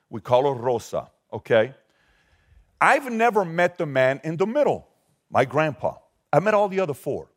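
A man in his forties, from Iran, giving an emphatic talk to a live audience and firing rhetorical questions at the crowd. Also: a little high. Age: 40s. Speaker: motivational speaker.

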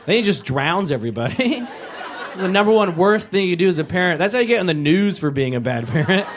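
A man's voice: high-pitched, very animated, quick pace, noisy background. A man performing a stand-up comedy set, animatedly acting out the characters he quotes. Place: live comedy venue. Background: audience laughter.

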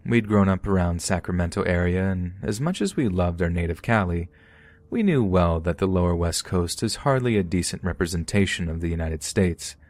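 A man narrating a true horror story for a podcast in a steady, storytelling manner. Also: low-pitched, moderate pace, no echo.

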